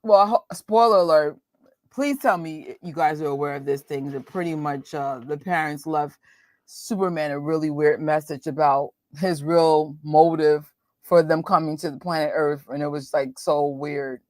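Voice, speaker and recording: Casual New York woman in her thirties, talky stream host, low register, no room. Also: steady tone, normal speed, a little mellow, dry recording, studio quality. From New York, USA. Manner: chatty, laughing, quotes voices. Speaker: watch party host. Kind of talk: casual chat with live viewers.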